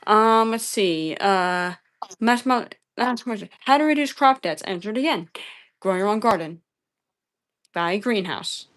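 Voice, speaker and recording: A woman's voice: mid-range voice, lively intonation, unhurried, a bit bright. A woman live-streaming a debate, answering chat questions in an exasperated, profane way and repeating herself.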